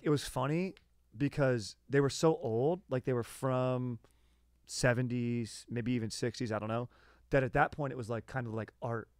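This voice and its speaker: A man's voice: mid-range voice, smooth, no room sound, clean studio sound. Laid-back joking male co-host. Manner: laid-back, laughing, joking, says dude a lot. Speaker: podcast co-host. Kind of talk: casual chat.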